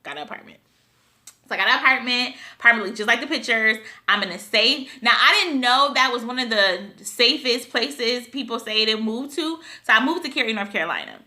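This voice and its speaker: A woman's voice: on the high side, expressive, a little fast, pushed and bright. A young woman from Buffalo, New York, telling a casual storytime vlog to her viewers, chatty and emotional, often calling them y'all. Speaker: vlogger.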